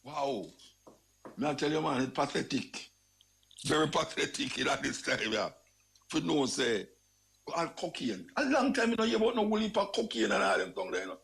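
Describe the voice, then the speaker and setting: A man's voice: on the high side, big pitch swings, normal speed, gravelly, a bit bright. A man with a Jamaican accent, hosting a talk show and ranting about crime in casual, repetitive, emphatic commentary. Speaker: radio talk show host.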